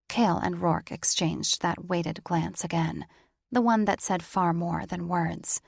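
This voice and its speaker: A woman reading a fantasy romance audiobook in an expressive first-person style, close to a studio mic. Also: lowish voice, measured pace, gravelly, slightly rough, dry recording. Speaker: audiobook narrator. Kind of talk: scripted fantasy romance narration.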